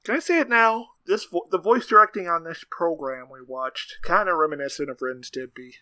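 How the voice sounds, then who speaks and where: A man co-hosting a podcast in casual chat, excitable and quick to laugh. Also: fairly high pitch. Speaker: podcast co-host.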